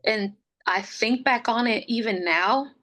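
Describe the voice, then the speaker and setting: A young adult woman, a podcast guest, telling her pregnancy story in a casual, chatty way, full of "like" and quick laughs, open and emotional. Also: on the high side, a bit bright. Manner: chatty, fills speech with "like", laughs often.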